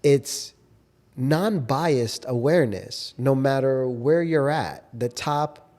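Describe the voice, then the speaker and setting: A man's voice: medium pitch, slow pace, darkish tone. A young adult man co-hosting a podcast, speaking in a reflective, earnest, coaching way. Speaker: podcast co-host. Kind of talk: casual chat.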